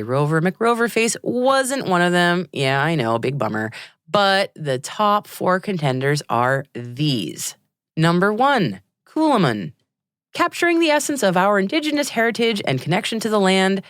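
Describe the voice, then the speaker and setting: A woman's voice: on the low side, very animated, moderate pace, no echo. An American woman hosting a space news podcast on a studio mic, reading the news in an upbeat way with playful asides. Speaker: podcast host.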